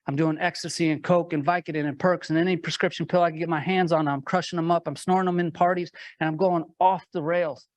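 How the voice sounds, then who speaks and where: A man's voice: a little high, fairly even intonation, quick pace, hardly any pauses, no echo. A man giving a motivational talk, telling his own story earnestly to a live audience and building it up with repeated rhetorical questions. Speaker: motivational speaker.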